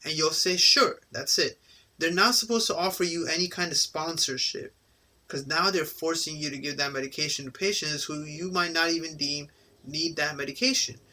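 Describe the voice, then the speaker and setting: A man's voice: a little high, moderate pace, pushed and bright. A man giving a casual exam-prep lecture, often tagging "right?" onto his points and briefly acting out the people he quotes. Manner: casual, repeats "right?" to check understanding; acts out quoted people in passing.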